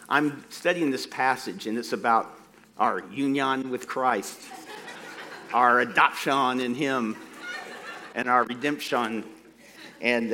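A middle-aged man preaching a sermon into a microphone, slowing down to stress key phrases and dropping in folksy, self-deprecating asides. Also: mid-range voice, sharp tone, slight background noise. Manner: slow, deliberate emphasis on key phrases.

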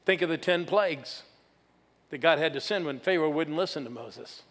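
A man preaching a sermon in a church, energetic and calling on the congregation to answer him. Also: fairly high pitch, normal speed. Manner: energetic, calls for crowd responses. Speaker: guest preacher. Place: church sanctuary. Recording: church hall reverb.

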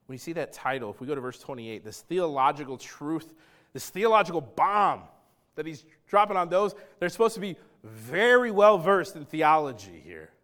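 A man preaching a sermon as pastor, emphatic and dramatic, swinging between loud stretches and hushed ones and talking straight to his congregation. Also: on the high side, expressive, normal speed. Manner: acts out quoted speech and addresses the congregation directly.

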